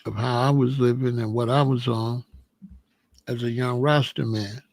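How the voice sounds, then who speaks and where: A middle-aged American man hosting his own show, telling stories in an animated, rambling way and repeating phrases as he goes. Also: medium pitch, moderate pace, no room sound. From United States. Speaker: host. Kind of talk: casual storytelling chat.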